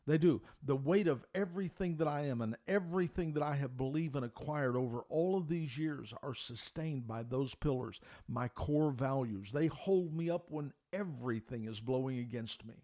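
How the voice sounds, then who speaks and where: A middle-aged man preaching from the pulpit as a pastor. He tells his stories in an emphatic, folksy way, often stumbling and restarting, and his voice sits at an ordinary middle pitch. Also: moderate pace, hardly any pauses, mellow. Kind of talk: sermon.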